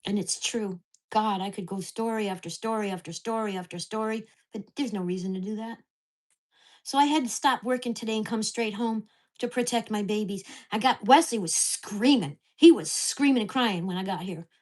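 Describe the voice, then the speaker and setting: A woman's voice: medium pitch, moderate pace, darkish tone. A woman telling a heated, profane story about her neighbors in a casual vlog recorded at home. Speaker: vlogger.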